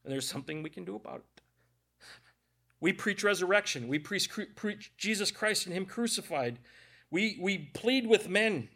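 A male pastor delivering a conversational sermon in a somewhat high voice. He is earnest and openly emotional, and he breaks in with self-deprecating asides. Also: lively intonation, normal speed, fairly bright tone.

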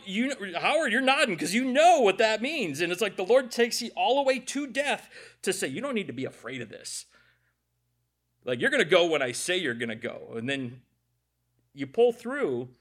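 A middle-aged male preacher with a somewhat high voice gives a conversational sermon. He tells stories, cracks jokes and talks straight to people in the pews. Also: fairly bright tone. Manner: jokey storytelling, addresses the congregation directly.

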